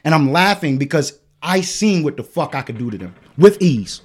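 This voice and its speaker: A man's voice: on the high side, sing-song, moderate pace, husky. A man hosting a podcast, telling a story in casual chat, swearing freely and acting out what the other people said. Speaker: podcast host.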